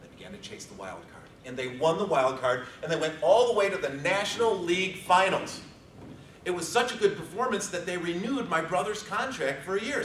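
Bright-voiced man telling a story in a hall. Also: sits high, slight background noise. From Chicago. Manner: animated storytelling with jokes. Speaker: speech contest contestant. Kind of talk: competition speech. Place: large hall before an audience. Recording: echoey hall from far off.

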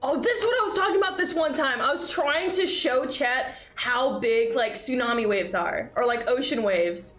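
A young woman streamer reacts to videos in loose, casual chat. Her voice sits fairly high, and she bursts into quick, excited exclamations and swears freely. Faint music plays underneath.

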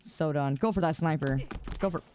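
A woman's voice: sits low, moderate pace, noisy background. A tired woman streaming a game, chatting casually with her viewers in an exasperated, laughing manner on a close mic. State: tired from staying up. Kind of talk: casual live-stream chat while gaming. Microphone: close desk mic.

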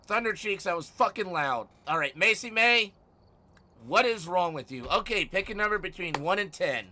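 Teasing, swearing male streamer, bright voice. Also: high voice, lively intonation, normal speed, a little hiss or hum. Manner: teasing, swears a lot, bursts out loudly. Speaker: livestreamer. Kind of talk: casual live-stream chat.

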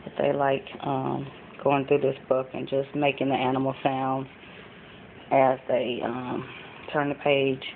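A woman with a rumbling low voice goes through a thrift haul in a completely flat delivery, speaking a little slowly with frequent ums. She's a mom vlogging casually at home. The recording sounds lo-fi and phone-like, with faint background noise.

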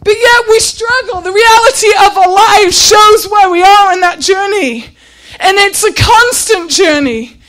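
A woman with a very high voice preaching a heartfelt sermon. She pushes her voice up to near shouting and sounds close to tears as she presses question after question. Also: unhurried. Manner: impassioned, often near tears and raising her voice; repeats rhetorical questions.

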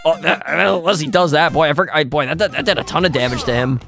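A young man giving excited, swearing live commentary on computer fights, laughing often and tripping over his words. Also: a little high, quick pace, creaky, music in the background. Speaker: gaming video host.

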